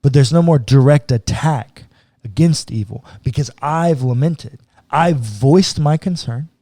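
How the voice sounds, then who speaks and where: A man's voice: a little high, measured pace, warm tone, no echo, clean studio sound. A man who is a pastor, talking through scripture on a podcast in a casual, earnest way, now and then voicing what God might say. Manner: casual and earnest, slips into acted quotes of God. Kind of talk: podcast conversation, teaching on scripture.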